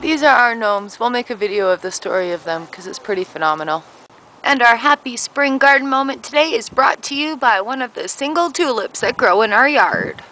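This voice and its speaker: Bubbly, excitable woman vlogger. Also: fairly high pitch, fairly quick, poor audio. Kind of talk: casual vlog chat.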